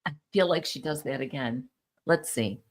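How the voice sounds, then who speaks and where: A woman's voice: rumbling low, moderate pace. A middle-aged woman co-hosting a casual podcast with her daughter, easygoing and laughing along. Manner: easygoing, laughs along, explains things plainly. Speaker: podcast co-host, the other host's mother. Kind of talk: casual comedic chat.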